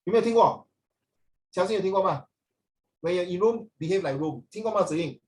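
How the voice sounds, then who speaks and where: A man's voice: high voice, expressive, fairly quick, darkish tone, rough recording. A male teacher runs a loose, chatty lesson. He flips between English and Mandarin mid-sentence and keeps teasing his students. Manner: playful, teasing. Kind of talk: casual classroom lesson.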